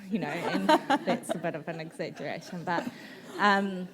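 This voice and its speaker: A woman, an author telling a personal story in an on-stage conversation, candid and animated, swearing freely and acting out what people said. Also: on the low side, normal speed, background noise. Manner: candid, animated, swears, laughs often, acts out quotes. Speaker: author guest at a book festival.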